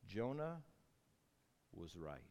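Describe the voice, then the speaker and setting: Animated preacher in a reverberant hall. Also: male voice, fairly low pitch, extremely slow. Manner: animated storytelling preaching, swinging from loud to hushed. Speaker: pastor. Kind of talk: sermon.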